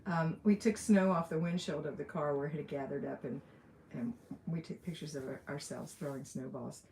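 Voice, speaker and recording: Woman, Alabama accent, livestream host, low-ish voice, chatty, faint room noise. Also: normal speed, gravelly, a little mellow. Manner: chatty, laughs often, reads comments aloud. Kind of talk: casual live Q&A, reading chat comments. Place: room at home with window open.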